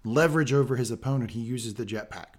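A man hosting a casual podcast recap, talking in an excitable, animated and profane way. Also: mid-range voice, fast talker. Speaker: podcast host. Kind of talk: casual chat, show recap.

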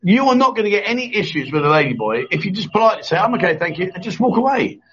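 A man's voice: high voice, sing-song, very fast, fairly bright tone, highs cut off, slight background noise. A man hosting a casual live chat show, joking and teasing his co-host.

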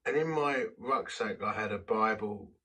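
A man's voice: lowish voice, normal speed, sharp tone, breathy edge, far from the mic, rough recording. A man preaching a sermon, telling a personal story in a conversational, self-deprecating way.

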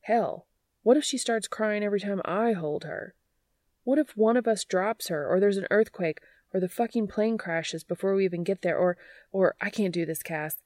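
Woman playing a nervous, jittery grown man, words tumbling out higher and louder, dry close sound. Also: flat delivery, gravelly, no room sound. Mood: panicked. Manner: rushed, rising, panicky rambling.

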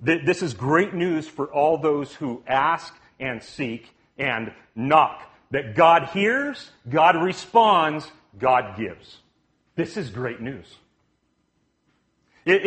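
A man's voice: on the high side, a bit bright. A man preaching a conversational sermon, casual and joking, with frequent restarts and asides to the congregation. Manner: casual and joking, frequent restarts and "you know what I mean". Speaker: pastor.

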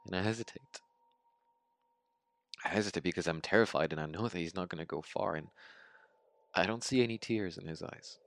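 A haunted young survivor, played by a man, recounts a massacre in an audio drama monologue. His voice sits very low, and he stumbles and repeats himself as he talks. The retelling sounds shaken. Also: gravelly, dry recording. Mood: grim. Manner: halting, stammering retelling.

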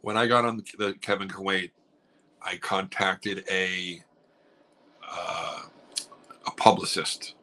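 Bright-voiced New comedian telling stories. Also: male voice, low-pitched, takes it slowly, long pauses, low-quality recording. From New York. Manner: animated storyteller acting out other people's lines. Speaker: comedian guest. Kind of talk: casual podcast chat. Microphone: video call.

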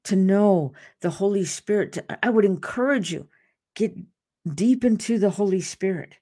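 A woman's voice: medium pitch, normal speed, dark tone. A woman hosting a devotional podcast, talking earnestly and off the cuff, with restarts and asides. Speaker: podcast host.

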